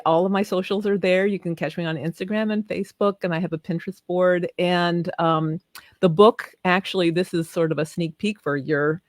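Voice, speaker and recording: An older woman with a Southern US accent, a guest author talking effusively in a casual video call interview and quick to laugh. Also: lowish voice, dry recording, studio quality.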